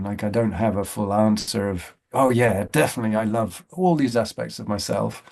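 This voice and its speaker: A man's voice: fairly low pitch, gravelly, darkish tone. A man in a reflective casual chat, talking thoughtfully and repeating words as he works out his ideas. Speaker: self-inquiry group member. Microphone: video call.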